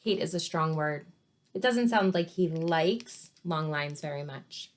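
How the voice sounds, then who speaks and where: A woman teacher reading a storybook to children, pausing to ask questions and explain words. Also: deep voice. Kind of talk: read-aloud story lesson for children.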